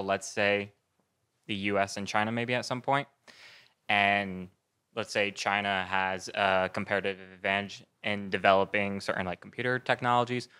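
A man's voice: fairly low pitch, pushed and bright, clean tone. A young man in the audience asking a panel a long question, tentative and hedging. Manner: tentative, hedging, chuckles nervously.

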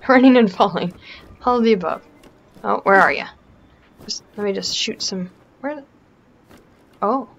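A woman's voice: mid-range voice, muffled recording. A Canadian woman giving casual, self-mocking commentary over a video game, often dropping to a whisper while sneaking. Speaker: let's play gamer.

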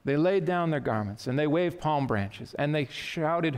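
A pastor preaching an earnest, emphatic sermon in a church. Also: male voice, on the high side, lively intonation, unhurried, clean tone, long reverb tail. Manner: earnest, emphatic preaching with quotes read aloud. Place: church sanctuary.

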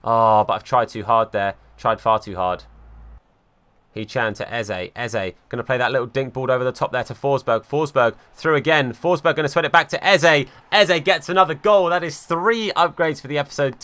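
A young man giving live commentary over his football video game, swinging from calm play-by-play to exasperated outbursts. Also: mid-range voice, moderate pace. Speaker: gaming YouTuber.

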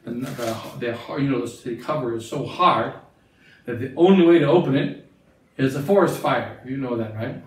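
A man's voice: mid-range voice, moderate pace. A man, a bishop, giving a catechism talk to religious sisters, asking his listeners questions and repeating phrases for emphasis. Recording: very echoey room, mic far off.

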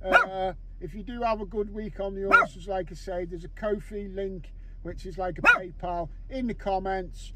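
A man's voice: sits high, moderate pace, heavy background noise. A man with a Scouse accent talking casually to camera while driving, rambling and swearing a lot as he jokes with his viewers. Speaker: vlogger. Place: in a car, driving. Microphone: camera mounted on car window.

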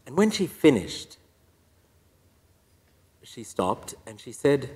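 A man's voice: medium pitch, sing-song, slow pace, a little mellow. A priest giving a personal testimony talk, telling his story with wry, self-deprecating humor. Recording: echoey hall reverb.

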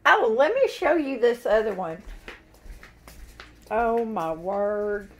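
Brief: woman vlogger, giggly and folksy, slightly high, unhurried delivery. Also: lively intonation, slight background noise. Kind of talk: casual home vlog chat. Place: indoors at home.

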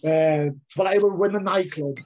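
Pitched high with a darkish tone and normal speed, a heavyweight MMA fighter appears as a guest in a relaxed interview, spinning a long, rambling tale full of repeated words. The lo-fi recording sounds dull and carries a slight hiss or hum.

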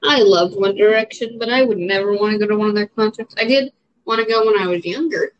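A woman's voice: medium pitch, fast talker. Rambling young woman, lo-fi audio. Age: young adult. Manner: rambling, filler-heavy, frank. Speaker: vlogger. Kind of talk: casual chat answering question prompts. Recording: dull lo-fi audio.

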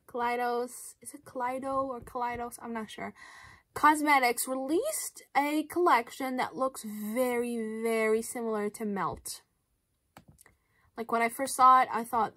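A young woman from Canada giving casual, playful commentary on makeup releases as a beauty vlogger, with animated, exaggerated reactions. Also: a little high, measured pace, no echo.

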